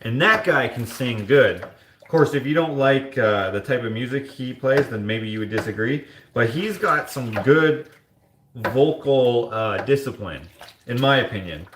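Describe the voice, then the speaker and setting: A man's voice: lively intonation, a little slow, fairly bright tone, roomy sound, a little hiss or hum. A man hosting a live stream, chatting casually and reading out viewer comments with jokey asides. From Canada. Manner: rambling, jokey, mock-sings in a high voice. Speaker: livestream host.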